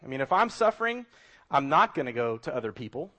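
A man's voice: medium pitch, very animated, quick pace, bright, forceful tone. A middle-aged man preaching a sermon as a pastor, emphatic and full of rhetorical questions.

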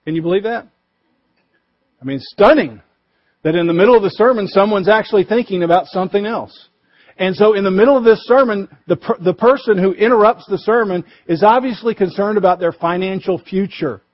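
A male pastor preaching a sermon, emphatic, pushing his voice up for stress and dropping low and quiet to drive points home. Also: fairly quick, highs cut off. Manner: emphatic, rises and drops for stress.

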